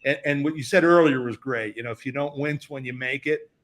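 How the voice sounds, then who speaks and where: Relaxed male interview host. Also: medium pitch, a little fast. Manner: relaxed, affirming interjections and reading questions from listeners. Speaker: podcast host. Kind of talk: casual interview chat.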